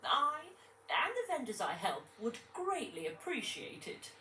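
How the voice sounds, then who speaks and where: A helpful village woman from a video game. She speaks in a high, bright and very lively voice, polite and eager to please. The game sound is roomy and heard from a distance. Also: a little slow, a little hiss or hum, full character voice. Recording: roomy echo, heard from afar.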